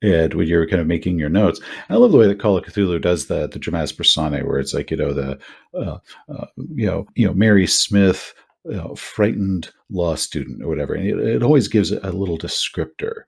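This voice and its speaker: A man co-hosting a podcast, chatting casually about running tabletop horror games, animated and full of asides. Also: low voice, a little fast, creaky, husky. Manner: animated, rambling with many asides. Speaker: podcast co-host.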